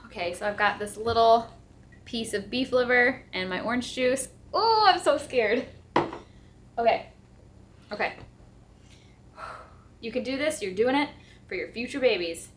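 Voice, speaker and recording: A woman's voice: on the high side, normal speed, roomy sound, a little hiss or hum. A young woman chatting casually in her home kitchen, nervous and giggly, restarting her sentences as she talks. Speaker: homestead vlogger.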